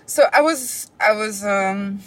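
A woman's voice: medium pitch, slow, rough recording. A woman from Brussels, a guest talking casually and hesitantly, with many fillers. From Brussels, Belgium. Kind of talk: casual conversation.

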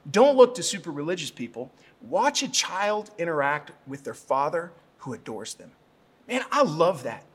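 A middle-aged man, a pastor, preaching a sermon and telling a story, rising to loud, fervent prayer. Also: high-pitched, slightly rough.

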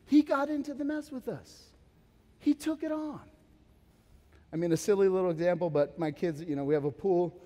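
A man in his thirties preaching a sermon as pastor, animated, swinging from urgent emphasis to quiet asides with casual fillers. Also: on the high side. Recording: long hall reverb.

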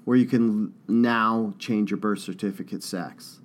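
A man's voice: on the low side, unhurried. Joking man in casual podcast banter. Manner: joking, puts on accents mid-story. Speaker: podcast co-host. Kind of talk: casual comedic chat.

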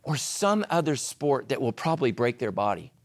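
A man preaching a sermon as pastor, telling stories with humor and swinging between loud emphasis and hushed asides. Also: mid-range voice, big pitch swings, moderate pace.

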